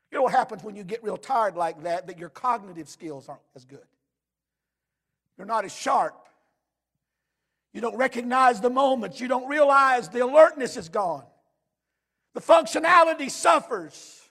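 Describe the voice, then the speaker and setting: Pastor, male, very high gravelly voice; preaches with shouted peaks and hushed drops. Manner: swings from shouted emphasis to hushed low tones. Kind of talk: sermon.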